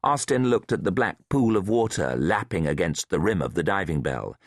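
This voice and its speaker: A man narrating a thriller audiobook in a measured, dramatic way. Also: low voice, big pitch swings, no echo, clean studio sound. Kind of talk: scripted narration.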